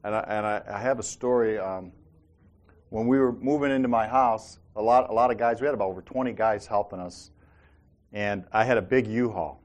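A man hosts a faith talk show, sharing personal stories and often checking in with "right?" and "Amen?" in a casual, faith-based way. His voice is on the low side and brisk.

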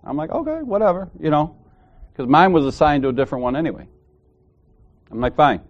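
A man's voice: mid-range voice, steady tone, brisk, muffled recording. A man who is a church elder, casually telling a personal story and acting out the dialogue, repeating phrases for emphasis.

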